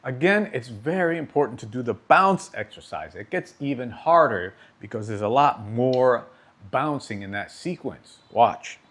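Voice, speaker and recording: A man's voice: medium pitch, lively intonation, unhurried, fairly bright tone. A man teaching drum technique, explaining patiently and checking in with his students. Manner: patient, explanatory, frequent "okay?" check-ins. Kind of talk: instructional demonstration.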